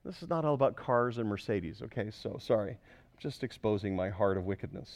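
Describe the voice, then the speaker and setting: A middle-aged male pastor preaching a sermon to a congregation, telling a self-mocking personal story and growing loud and animated when he gets excited. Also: lowish voice, a little fast, vocal fry. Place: church before a congregation.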